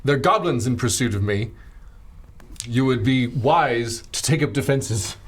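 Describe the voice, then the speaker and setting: Male player as a wounded fugitive, urgent and pleading, at a mid pitch, faint background noise. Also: expressive, a little slow, lightly acted. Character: wounded human fugitive man begging for aid.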